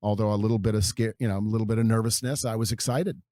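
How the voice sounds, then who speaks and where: A man's voice: on the low side, fairly even intonation, dark tone, no echo, studio quality. A man in his fifties from California, a podcast guest telling long, meandering stories from his past at an easy pace. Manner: unhurried, meandering storyteller. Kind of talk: reminiscing interview storytelling.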